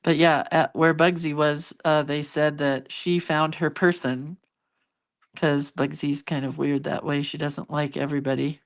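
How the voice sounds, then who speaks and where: A woman's voice: low voice, level tone, measured pace. A middle-aged woman chatting casually with viewers, rambling along with fillers and restarts. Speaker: host. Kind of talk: casual chat to live viewers.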